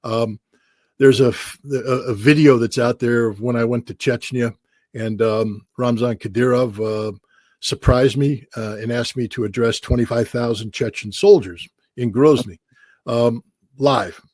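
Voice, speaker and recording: Wry husky-voiced man telling stories. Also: medium pitch, steady tone, unhurried, a little mellow, dry recording. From United States. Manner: wry, self-deprecating, laughs often. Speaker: interview guest. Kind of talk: anecdotal storytelling.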